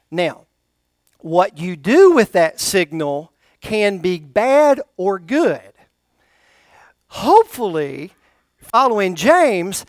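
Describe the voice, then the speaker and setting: A man's voice: high-pitched, smooth, dry recording, studio quality. A pastor preaching to his congregation during a church service, often asking them to answer back. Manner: call-and-response preaching, questions to the congregation. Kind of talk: sermon.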